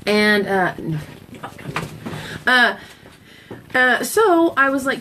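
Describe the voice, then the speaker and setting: A woman's voice: on the high side, expressive, very slow, bright, forceful tone, slight background noise, low-quality recording. A talkative woman hosting a live sales stream, telling stories in a casual, chatty way. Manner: talkative, storytelling, giggly asides.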